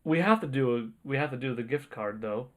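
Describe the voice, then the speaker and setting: Excitable male streamer with lively pitch. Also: a little fast. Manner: excitable, exclaiming, rambling. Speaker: livestream host. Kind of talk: casual livestream chat, reading donations.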